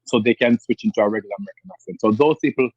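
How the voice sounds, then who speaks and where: A man's voice: rapid-fire, dry recording, highs cut off. A man with a Jamaican accent, a guest in a conversational interview, talking animatedly and slipping into other dialects. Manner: animated, imitates dialects with lively pitch jumps.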